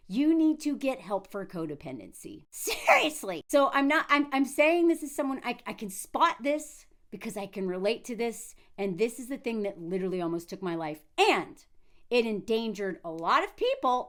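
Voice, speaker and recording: High-pitched woman ranting blunt commentary, bouncy voice, lots of quick asides. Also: big pitch swings. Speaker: commentary vlogger. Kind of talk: casual reaction commentary.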